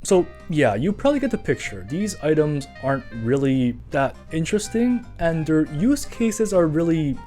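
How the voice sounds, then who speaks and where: A man's voice: on the high side, very animated, normal speed, hardly any pauses, dark tone, faint music behind. A man reading a scripted commentary in a casual, chatty way, full of asides. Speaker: video essayist.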